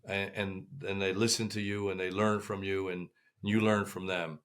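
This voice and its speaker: An older man, a guest surgeon on a podcast, speaking in a halting way with many pauses. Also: low voice, level tone. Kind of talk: casual podcast interview.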